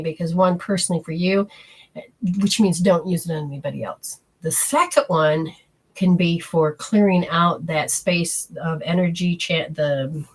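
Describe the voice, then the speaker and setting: A woman's voice: lowish voice, poor audio. A woman hosting a live energy-healing show, chatting and reading viewer comments aloud. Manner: chatty, meandering, gives hands-on instructions.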